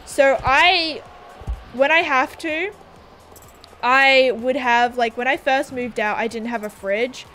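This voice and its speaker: A chatty young Australian woman talks casually through a gaming livestream, rambling from one thing to the next and giggling often. Her voice sits high and light, with soft music playing faintly underneath. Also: slow pace. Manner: chatty, rambling, giggly, reads viewer comments aloud.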